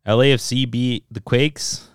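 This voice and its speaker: A man co-hosting a soccer podcast in casual, animated chat, swearing freely and switching into Spanish. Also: medium pitch, measured pace, clear, resonant tone, no echo, clean studio sound.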